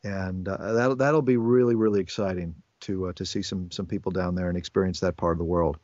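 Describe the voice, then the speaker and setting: A man's voice: low-pitched, fairly even intonation, fairly quick, a little mellow, no room sound. A man being interviewed as a voice actor, chatting casually and rambling with frequent restarts. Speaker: voice actor guest. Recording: dull, dry lo-fi recording.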